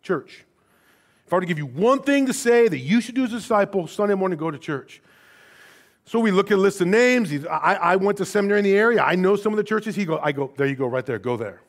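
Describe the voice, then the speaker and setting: A middle-aged man preaching a sermon in a casual, animated storytelling way, dropping to quiet asides and rising for emphasis. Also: sits high, fast. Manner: conversational, casual phrasing with restarts.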